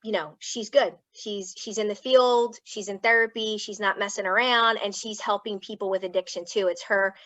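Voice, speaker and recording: A woman's voice: mid-range voice, fairly even intonation, moderate pace, hardly any pauses, a bit bright, dry recording. A woman with a Philadelphia accent, a clinical psychologist, telling her family story candidly and casually, at times through tears. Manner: emotional, tearful at times, frank and casual. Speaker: guest speaker, clinical psychologist.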